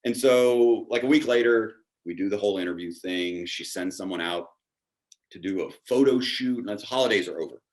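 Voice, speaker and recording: Animated, self-deprecating man, low-ish voice. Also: normal speed. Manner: animated, self-deprecating, acts out quoted dialogue. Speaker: podcast guest, baker. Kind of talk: casual storytelling.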